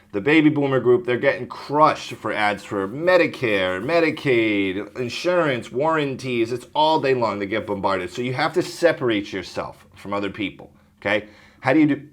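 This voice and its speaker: A man coaching viewers on phone sales, talking to camera in a brisk, direct way and often clearing his throat. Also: medium pitch, animated. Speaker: insurance telesales trainer.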